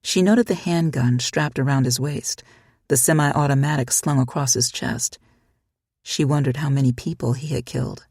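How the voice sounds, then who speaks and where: Audiobook narrator, husky, dry close mic, even measured read. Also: medium pitch, dry recording. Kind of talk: scripted narration.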